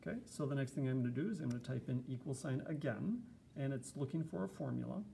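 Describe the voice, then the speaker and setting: A man's voice: mid-range voice, lively intonation, fast talker, vocal fry, dark tone, slight background noise. A man giving a casual, chatty screencast lesson, explaining step by step with fillers. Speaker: teacher.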